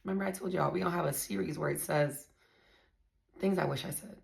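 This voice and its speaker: Blunt gravelly woman telling it straight. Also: sits low, quick pace. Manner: blunt, profane, emphatic storytelling. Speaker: vlogger telling her divorce story. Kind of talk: casual monologue to viewers.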